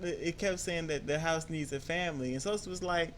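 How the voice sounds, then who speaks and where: Chill guy cohost, wry, laughs along, slightly high voice. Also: a little fast, fairly bright tone, slight background noise. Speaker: podcast co-host. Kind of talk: casual movie-review chat.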